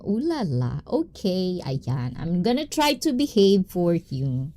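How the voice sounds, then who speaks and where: Bubbly woman streamer with a lively pitch. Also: slow, hardly any pauses. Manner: bubbly, playful, mixes English with Tagalog and Japanese phrases; giggly, with frequent catchphrases. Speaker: livestream host. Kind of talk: casual livestream chat, greeting viewers.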